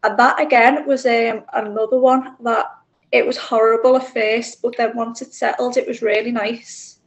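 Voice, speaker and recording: Woman with a fairly high voice. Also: fairly even intonation, moderate pace, lo-fi sound. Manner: self-deprecating, laughs. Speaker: podcast co-host. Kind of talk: casual chat.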